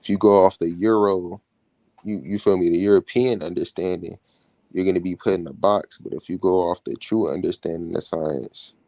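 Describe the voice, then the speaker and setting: Deep, gravelly male co-host, laid-back slangy chat. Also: moderate pace, no echo. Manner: relaxed street slang. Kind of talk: casual chat.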